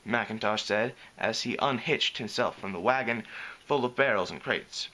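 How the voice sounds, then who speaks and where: A man reading a story aloud with a lively delivery, correcting small slips as he goes. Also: lowish voice, moderate pace. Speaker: reader. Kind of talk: reading fan fiction aloud.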